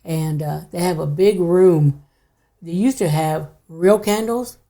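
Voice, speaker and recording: Older woman guest for a podcast chat: low, dark, gravelly voice, soft and hushed delivery. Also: takes it slowly. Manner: hushed, drops to near whisper at times. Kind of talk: casual storytelling.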